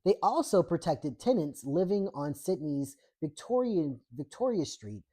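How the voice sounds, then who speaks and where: A woman's voice: sits low, very animated, measured pace, warm tone. A woman host reading a book chapter aloud, breaking off for irreverent, profane asides.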